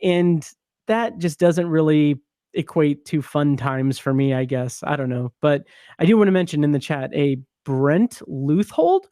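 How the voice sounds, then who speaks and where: A man's voice: fairly high pitch, measured pace, warm tone, no echo, clean studio sound. A man hosting a casual film podcast, easygoing and rambling, with frequent laughs and asides. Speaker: podcast host.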